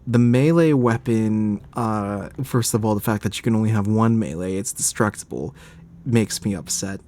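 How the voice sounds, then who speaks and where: A man's voice: lowish voice, moderate pace, warm tone, a little hiss or hum. Chatty laughing male game streamer. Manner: chatty, laughing often, easily irritated. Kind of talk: casual game commentary.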